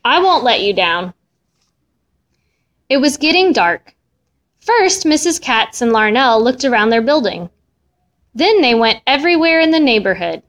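A woman reading a children's story aloud with an expressive, melodic delivery. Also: high-pitched. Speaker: storybook reader.

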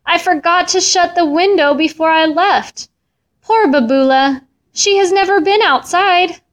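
A woman reading a storybook aloud and voicing a warm-hearted elderly immigrant widow with old-world phrasing and fond repetitions. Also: high voice, big pitch swings, a little slow, heavily acted. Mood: distraught.

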